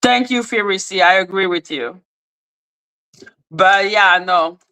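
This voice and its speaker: A woman's voice: mid-range voice, slow, bright, forceful tone, clean tone, poor audio. A woman hosting a livestream, ranting in a blunt, sarcastic and confrontational way while answering her chat. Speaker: livestream host. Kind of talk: casual livestream rant reacting to chat.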